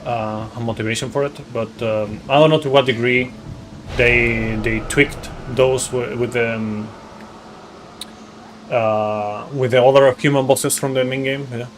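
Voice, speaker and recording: A man's voice: mid-range voice, steady tone, a little slow, a little hiss or hum. A man streaming a video game, chatting casually in a rambling way with many fillers and casual swearing. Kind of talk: casual live-stream chat while playing. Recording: game music behind voice.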